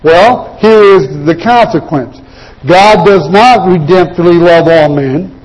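An emphatic male preacher with a noticeably high voice, delivering a sermon. He addresses his listeners directly and answers his own questions as he argues his point. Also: a little slow, a little mellow, low-quality recording. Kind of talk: sermon with chart.

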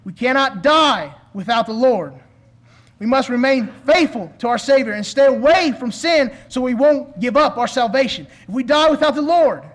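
A man preaching a sermon in an earnest, pleading way, asking his listeners questions. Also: extremely high pitch.

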